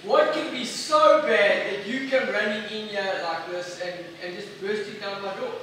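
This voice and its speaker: An overworked, exasperated God, as a man puts him on, listing his troubles in a raised, high voice. He is far from the mic in an echoing, noisy space. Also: normal speed, a bit bright. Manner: exasperated, complaining.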